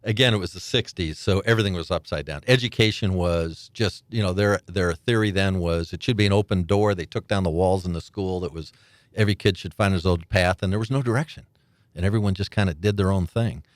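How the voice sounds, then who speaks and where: Deep-voiced older man telling stories. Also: brisk, dry recording. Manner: animated storyteller, laughs often, acts out quoted voices. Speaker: guest. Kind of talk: storytelling interview.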